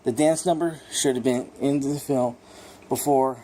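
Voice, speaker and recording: A man talks through a movie review in a loose, off-the-cuff way. His voice sits at an ordinary middle pitch. He rambles and gets excited, swears freely and leans on constant fillers. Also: a little slow, slight background noise. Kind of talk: casual unscripted film review.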